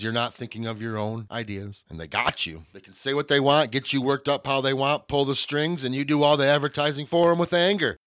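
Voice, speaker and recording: A man's voice: mid-range voice, a bit bright, no echo. A man hosting his own podcast, ranting bluntly and swearing often in a casual monologue from a small home studio. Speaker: podcast host.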